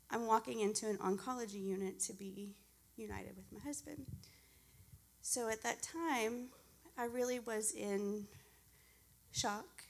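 At a church service, a woman in her forties shares a heartfelt personal testimony, telling her story earnestly. Her voice is mid-range and gravelly.

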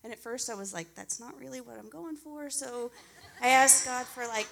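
A woman's voice: fairly high pitch, brisk, vocal fry, a bit bright. A woman in her forties giving a heartfelt personal testimony at a church service. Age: 40s. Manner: earnest, heartfelt storytelling.

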